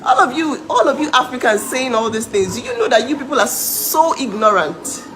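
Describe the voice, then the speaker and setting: A woman's voice: high voice, very animated, a little fast, background noise. A young woman from Nigeria ranting to her followers, indignant and mocking, breaking into disbelieving laughs. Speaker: vlogger. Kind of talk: heated live rant to followers.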